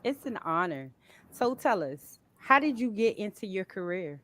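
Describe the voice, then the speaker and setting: A woman's voice: mid-range voice, sing-song, moderate pace, a bit bright, a little hiss or hum. A woman hosting an interview, asking brief, friendly questions in a casual way. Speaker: host.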